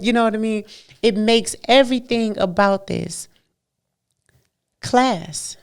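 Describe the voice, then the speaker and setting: A woman hosting a podcast, talking straight to her listeners in a casual motivational monologue, animated and playful, often laughing and swinging between loud and hushed. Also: a little high, slow pace, long pauses, smooth. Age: adult mother. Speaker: podcast host.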